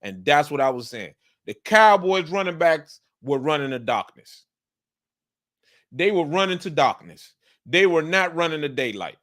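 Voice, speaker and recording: A man breaking down football game film in casual commentary, repeating his points and speaking with an emphatic coaching tone. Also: mid-range voice. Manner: repetitive, emphatic, coaching tone, breaks into animated outbursts.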